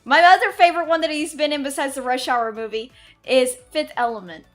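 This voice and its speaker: A woman streamer chatting casually on a live stream, excitable, swearing and loudly scolding her chat. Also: high-pitched, a little fast, soft background music.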